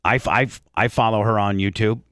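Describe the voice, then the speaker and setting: A man's voice: fairly low pitch, steady tone, fairly quick, fairly bright tone, no room sound, clean studio sound. A man hosting a radio show, talking casually and rambling with many restarts.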